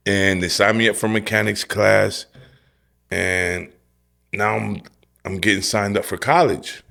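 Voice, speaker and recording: A man in his forties tells his testimony on a podcast, direct and full of street talk. His voice sits on the low side. He tells the story with energy and acts out what he once said. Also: unhurried, gravelly. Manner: animated storytelling, acting out his own past lines; streetwise, direct, says "bro" and "yo". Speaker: guest sharing his testimony. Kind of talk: personal testimony in a podcast interview.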